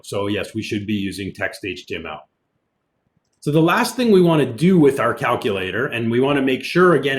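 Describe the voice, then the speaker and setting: Guy teaching a coding class online, relaxed and chatty, mid-pitched voice, keys clacking behind. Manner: relaxed, explanatory, thinks aloud with fillers. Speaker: college programming instructor. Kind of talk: recorded online lecture with screen demo.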